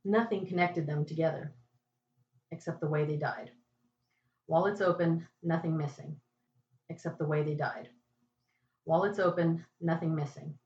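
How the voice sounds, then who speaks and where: A woman's voice: sits low, steady tone, moderate pace, long pauses, darkish tone, slight background noise. A woman podcast host reading a first-person detective story in a dry, wry narrating voice. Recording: echoey, distant, muffled home recording.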